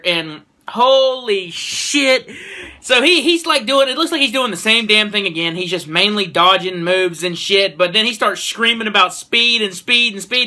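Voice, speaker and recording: A man giving a casual anime episode review, excitable and swearing freely as he retells a fight. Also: high-pitched.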